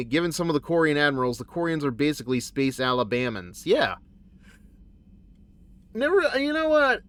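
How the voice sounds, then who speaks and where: A man streaming a game who talks in a rambling, animated way and often corrects himself mid-sentence. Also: fairly high pitch. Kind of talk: casual game commentary.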